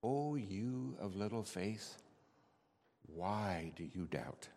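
A man voicing Jesus in a solemn, measured way within his monologue. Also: medium pitch, big pitch swings, darkish tone. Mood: gentle. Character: Jesus, calm, grave and authoritative. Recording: long hall reverb.

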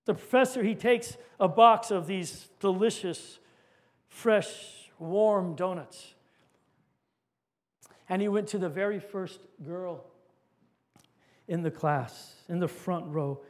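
Male preacher, very high voice, dramatic sermon storyteller. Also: unhurried.

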